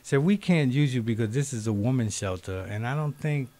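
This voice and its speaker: A man in his fifties, a talk show guest, telling his story in animated, streetwise talk. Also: mid-range voice, fairly quick, slight background noise. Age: 50s. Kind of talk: casual talk-show conversation.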